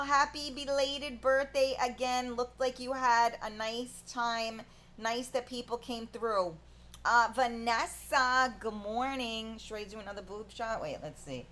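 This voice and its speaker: A woman's voice: a little high, takes it slowly, fairly bright tone. A woman hosting a live-stream talk show, greeting viewers in a brash, playful, casual way.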